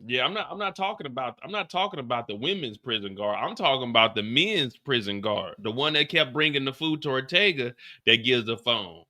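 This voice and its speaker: Animated, bright-voiced male show host. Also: mid-range voice, a little fast, few pauses. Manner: animated, profane ranting. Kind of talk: live after-show reaction commentary.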